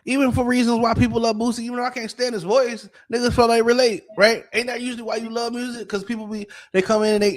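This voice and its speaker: High-voiced man ranting on a podcast. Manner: animated, profane, rhetorical questions. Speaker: podcast co-host. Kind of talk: casual political commentary.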